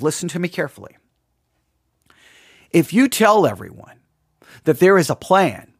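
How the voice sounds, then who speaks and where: A man's voice: sits high, a bit bright, dry recording, studio quality. A man hosting a live podcast, talking earnestly in a sermon-like monologue full of rhetorical questions. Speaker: podcast host. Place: podcast studio.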